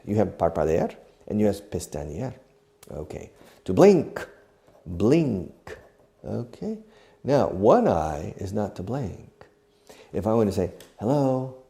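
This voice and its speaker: Acting out each English verb, a man with a gravelly, dark voice on the low side teaches a slow demonstrative lesson. He spells words, repeats phrases, and drops into Spanish to explain.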